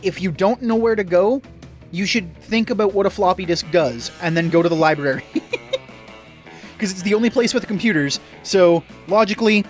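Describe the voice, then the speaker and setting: Jokey high-voiced man playing a game. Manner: reads game text aloud, laughs often, profane and jokey. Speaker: gamer. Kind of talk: let's play commentary.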